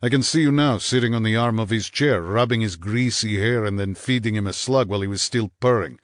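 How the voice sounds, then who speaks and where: A man voicing a bitter, menacing husband in an audiobook, snarling low and clipped with contempt. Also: brisk, no room sound, studio quality, natural voice. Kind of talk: audiobook character voice.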